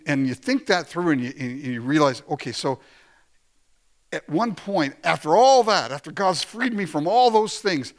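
Lively, animated male preacher. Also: fairly high pitch. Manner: conversational preaching with laughs and quoted asides. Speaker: pastor. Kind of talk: sermon.

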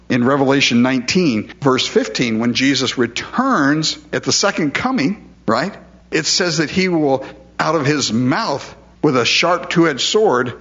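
A pastor delivers an expository, verse-by-verse sermon in a conversational style, often posing rhetorical questions. His voice is medium in pitch with a fairly bright tone, and the highs in the recording are cut off.

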